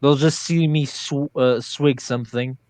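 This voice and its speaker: A man's voice: mid-range voice, steady tone, a little slow, darkish tone, dry recording. A man playing in a tabletop game who thinks aloud hesitantly and swears casually. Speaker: player.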